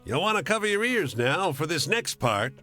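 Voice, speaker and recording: A man's voice: sing-song, moderate pace, bright, forceful tone, faint music behind. A man voicing a proud, showy train engineer while reading a game aloud. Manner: booming showman delivery.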